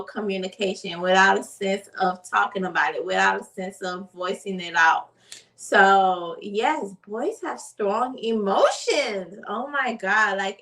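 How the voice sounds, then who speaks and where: A mother vlogger talks to the camera casually and earnestly, unhurried and full of fillers like "like" and "you know." Her voice is mid-range and slightly bright, but she's far from the mic and the recording quality is low.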